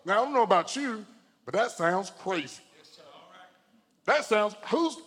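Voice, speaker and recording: High-voiced preacher man, lively. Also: big-room sound. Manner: animated storytelling, addresses the congregation directly. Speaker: pastor. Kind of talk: sermon. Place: church hall.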